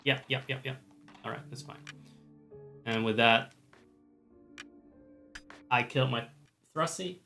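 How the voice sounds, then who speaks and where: A man's voice: medium pitch, slow pace, vocal fry, long pauses, sharp tone, soft background music. Joking, profane male streamer. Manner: profane, joking, laughing asides. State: slightly strained throat. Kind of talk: casual let's-play commentary.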